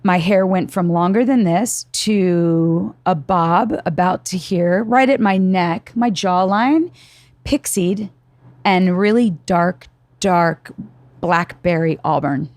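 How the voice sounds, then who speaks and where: A woman in her forties, a guest on a podcast, telling stories in casual chat with an animated, profane delivery. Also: on the low side, slow pace, no echo.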